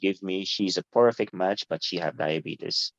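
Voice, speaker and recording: A middle-aged man, a guest telling his story in an animated, informal way and laughing easily. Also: low-pitched, moderate pace, no room sound. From Guyana. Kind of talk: casual interview storytelling. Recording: dull lo-fi, dry.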